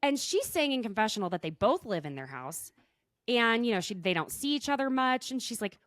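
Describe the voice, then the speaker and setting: Lively woman podcast host. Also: a little high, no echo, clean studio sound. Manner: animated, chatty, quick asides. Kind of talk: casual recap chat. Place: podcast recording.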